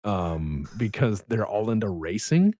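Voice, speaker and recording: A man's voice: lowish voice, sing-song, measured pace, mellow, no room sound, clean studio sound. A young adult man, a podcast guest, telling rambling, profane stories in casual chat.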